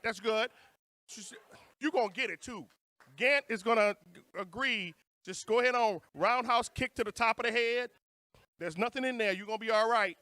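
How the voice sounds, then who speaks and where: A man's voice: sits high, pushed and bright, no room sound. A man with a New Orleans accent, emceeing a conference and joking playfully with the audience. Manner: playful, joking banter with the crowd. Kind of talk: hyping up a live audience.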